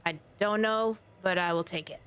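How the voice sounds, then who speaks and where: A woman's voice: fairly low pitch, fairly even intonation, normal speed, a bit bright, smooth, lightly acted. A woman voicing a jittery young woman adventurer who carries a cleaver, in a tabletop role-play, talking nervously and hesitantly. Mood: wary.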